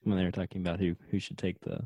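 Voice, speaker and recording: A man's voice: sits low, flat delivery, racing, mellow, no echo. A man co-hosting a podcast, laid-back and chuckling as he goes through his episode notes. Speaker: podcast co-host. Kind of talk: casual chat reviewing a TV episode.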